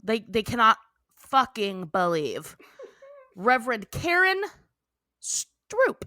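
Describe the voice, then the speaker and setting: A woman's voice: fairly high pitch, very animated, takes it slowly, sharp tone, no echo, studio quality. A young adult woman co-hosting a podcast, casually recapping a cartoon episode, laughing often and acting out the characters' lines. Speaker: podcast co-host.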